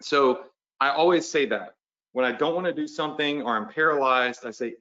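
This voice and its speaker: A man's voice: mid-range voice, normal speed, bright, forceful tone, muffled recording. A man hosting a live webinar as an online business coach, talking in a casual, pushy, motivational way and often checking in with the audience.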